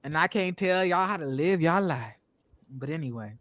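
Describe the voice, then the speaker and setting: A man hosting a casual review show, talking in an animated, emphatic way and acting out what people on the show said. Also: a little high, normal speed, noisy background. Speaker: show host reviewing reality TV. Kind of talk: casual commentary.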